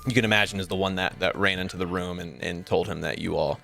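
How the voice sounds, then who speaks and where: A man's voice: deep voice, fairly even intonation, quick pace, vocal fry, sharp tone, soft background music. A man narrating as game master of a tabletop game, rambling with many ums and likes.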